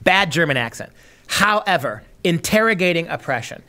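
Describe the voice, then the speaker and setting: A man with a fairly high voice hosts a commentary podcast. He runs sarcastic, mocking riffs and drops into put-on voices to ridicule opponents. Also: expressive, normal speed, bright, forceful tone. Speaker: podcast host. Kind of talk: opinionated commentary.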